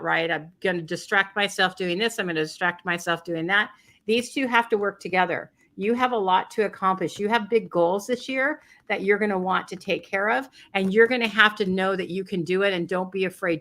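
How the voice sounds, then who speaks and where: California woman doing a card reading on a video call, bright clear voice, keeps repeating herself. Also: mid-range voice. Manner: intuitive, repeats phrases as she reads cards. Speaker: card reader and co-host. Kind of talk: live card reading chat.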